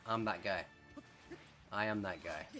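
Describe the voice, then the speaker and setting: A young man with an English accent giving chatty, excitable gameplay commentary, rambling and correcting himself as he plays. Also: sits low, measured pace, over music. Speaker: gaming streamer.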